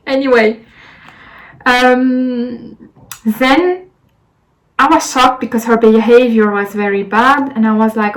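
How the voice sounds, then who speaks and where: A woman's voice: on the high side, steady tone, slow, long pauses, low-quality recording. A young woman with a French accent, telling a rambling story to her camera in a casual vlog, with lots of fillers and restarts. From France. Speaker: vlogger.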